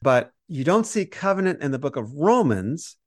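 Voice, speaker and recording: A man's voice: on the high side, moderate pace, no echo. Dry-sounding man explaining scripture. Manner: animated explainer, acts out quoted voices. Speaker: podcast co-host teaching on Romans. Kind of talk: conversational Bible teaching.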